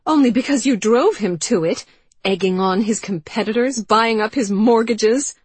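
A woman reading an audiobook, voicing a grieving, scornful young woman who speaks high, loud and cutting. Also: normal speed, husky, dry recording. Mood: venomous.

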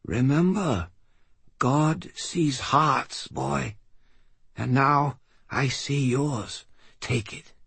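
A man voicing a dying old male swordsman, weak and wheezing, who speaks in slow, broken, rasping phrases. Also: medium pitch, fairly bright tone, dry recording, voice pushed up, exaggerated voice. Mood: urgent, tender.

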